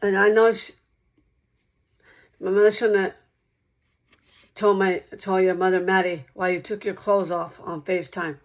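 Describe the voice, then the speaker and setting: A woman's voice: medium pitch, level tone, unhurried, long pauses, muffled recording. A woman talking straight to one listener in a rambling monologue, repeating herself and circling back over the same points.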